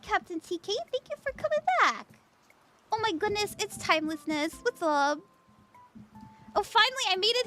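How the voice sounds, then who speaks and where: A woman's voice: sits high, pushed and bright. A woman streaming a casual tarot reading, chatty and giggly as she reads out chat messages.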